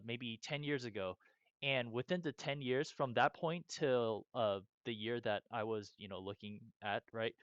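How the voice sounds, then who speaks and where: A man's voice: medium pitch, smooth, no room sound. Worked-up man ranting, dull lo-fi sound. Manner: agitated ranting with many restarts and fillers. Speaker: host. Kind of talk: casual chat.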